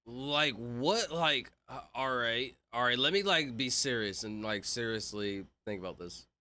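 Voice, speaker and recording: A man's voice: medium pitch, lively intonation, a little slow, bright, forceful tone. A young man streaming, rambling in casual chat and full of "like" and "bro". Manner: rambling, filler-heavy, says "like" and "bro" a lot.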